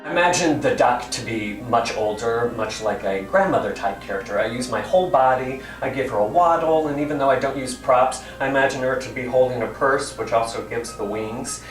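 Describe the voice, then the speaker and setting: A man's voice: mid-range voice, a little fast, few pauses. Male actor explaining, roomy distant sound. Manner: friendly, explanatory, with some hesitant fillers. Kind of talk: explaining his character work to children. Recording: roomy hall from a distance, faint music.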